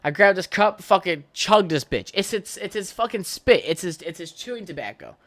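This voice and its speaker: A man's voice: high-pitched, expressive, normal speed, a bit bright. A young man hosting his own podcast, telling stories from his childhood in a rambling, profane way, full of fillers and restarts. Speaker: podcast host. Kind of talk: casual solo podcast storytelling.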